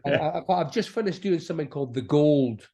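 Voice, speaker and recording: A man's voice: fairly high pitch, lively intonation, a little fast. A middle-aged man with an Aberdeen Scottish accent, chatting as an actor guest in an interview, rambling with many restarts. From Aberdeen, Scotland. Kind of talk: casual interview chat.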